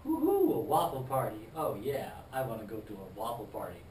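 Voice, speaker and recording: A man acting out a rough, short-fused army veteran biker who barks his words loud and blunt. His voice sits at an ordinary middle pitch. It sounds distant in an echoing room, with faint background noise. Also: animated, brisk, close to an everyday voice. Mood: mocking. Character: tough, hot-tempered male Vietnam veteran biker. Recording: roomy, distant mic.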